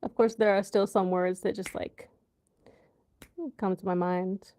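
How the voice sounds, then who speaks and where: A woman hosting a casual livestream, chatting loosely with her viewers and filling pauses with ums and likes. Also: medium pitch, fairly even intonation, dark tone. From USA. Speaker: livestream host. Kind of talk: casual live chat with viewers.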